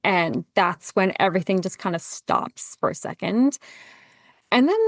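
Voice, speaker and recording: A woman's voice: mid-range voice, measured pace, no echo. A chatty woman guest, a gardener, with a mid-range voice for a woman. She tells stories with animation, acting out the lines she quotes and using "like" often. Her sound is dry and close. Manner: animated storyteller, acts out quoted lines, says "like" a lot. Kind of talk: casual chat.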